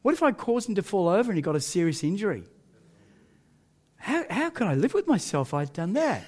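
A man's voice: high voice, big pitch swings, fairly quick, a little mellow. A male pastor, telling a story in a sermon with self-mocking humour and frequent laughter.

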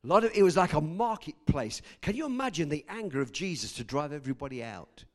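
A man preaching a sermon, dramatic, swinging between shouts and hushed lines and acting out the people he quotes. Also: on the high side, lively intonation, fast talker. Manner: acts out quoted voices.

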